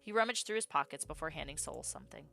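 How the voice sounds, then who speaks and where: A woman streamer reading a story game aloud, breaking off into excitable, swearing reactions. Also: sits low, quick pace, vocal fry, soft background music.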